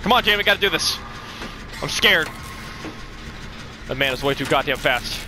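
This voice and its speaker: A man giving live gameplay commentary who swears a lot and swings from low mumbles to loud shouts. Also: lively intonation, moderate pace, music in the background. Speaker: gaming streamer.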